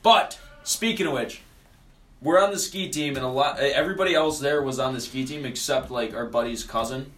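A man's voice: medium pitch, normal speed, a bit bright, far from the mic. A man rambling through a crude story in casual podcast chat, laughing along.

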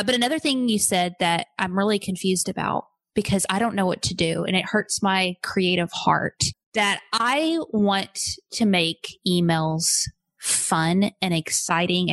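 A woman's voice: mid-range voice, creaky, no room sound. A woman hosting a podcast, earnestly asking her guest questions. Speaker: podcast host. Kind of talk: casual interview.

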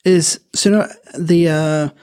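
Hesitant host explaining, full of uhs. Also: male voice, on the high side, fairly even intonation, unhurried, dark tone, clean tone. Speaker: podcast host. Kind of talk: casual chat.

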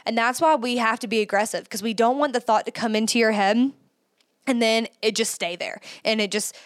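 A woman with a fairly high voice hosts a faith-based podcast. She talks listeners through spoken affirmations in an earnest, emphatic way. The sound is dry and close, with no room around her. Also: fairly quick, no room sound. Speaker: podcast host.

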